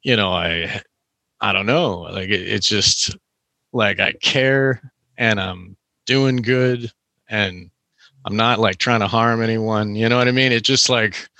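A man's voice: fairly low pitch, slow, creaky, sharp tone, dry recording. A young man telling a long story in casual chat, rambling with lots of "like" and "you know".

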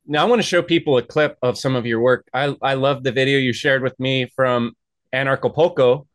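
A man's voice: mid-range voice, fairly even intonation, a little fast, a bit bright, no echo. Rambling talk-show man, casual, mid voice. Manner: rambling, chatty storytelling. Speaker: host. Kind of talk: casual interview chat.

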